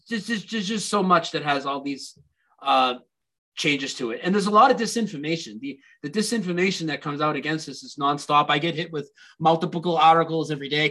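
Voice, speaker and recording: A man's voice: fairly high pitch, rough recording. A man as a guest in a casual conversation, eagerly telling stories and quoting movie lines. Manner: animated storytelling, quotes movie lines.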